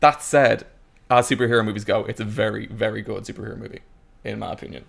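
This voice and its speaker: A man reviewing films in a casual panel chat, animated and mimicking voices as he talks. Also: lowish voice, fast talker, gravelly. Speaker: film reviewer.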